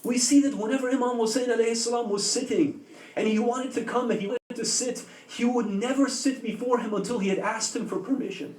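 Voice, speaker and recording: A man delivers a sermon in a very high voice, telling the story with feeling and asking the listeners questions. The sound is roomy and picked up from a distance, with a faint hum of the hall behind him. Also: steady tone, a little fast, darkish tone. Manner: emotive storytelling with rhetorical questions. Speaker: preacher. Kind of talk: sermon narration. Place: community religious center hall.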